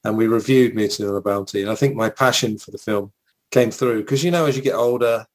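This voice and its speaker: A man's voice: on the low side, fast, rough recording. A man with an English accent, co-hosting a podcast, telling long, nostalgic stories with plenty of fillers. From England. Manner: rambling, nostalgic storytelling with fillers. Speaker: podcast co-host. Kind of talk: casual chat.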